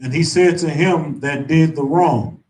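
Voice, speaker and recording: A man reading scripture aloud to a class, slow and halting. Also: a little high, a little mellow. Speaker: student reader. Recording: roomy, distant, faint background noise.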